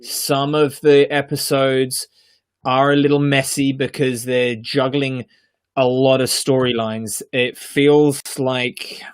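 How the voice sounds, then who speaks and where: Man, podcast co-host, casual review chat, earnest, emphatic, mid-pitched, lots of ums and restarts. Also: little pitch movement, takes it slowly, clean tone.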